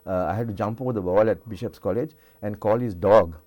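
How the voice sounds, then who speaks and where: A man's voice: lowish voice, a little fast, mellow. An older man with a Sri Lankan English accent, a singer telling rambling stories in a television interview with many restarts. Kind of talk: casual storytelling interview. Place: television studio.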